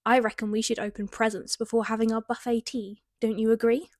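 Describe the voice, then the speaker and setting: A British woman voicing a caring mother in a storybook, speaking in a warm, motherly way. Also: on the high side, little pitch movement, fairly quick, no room sound, studio quality, lightly acted. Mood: cheerful.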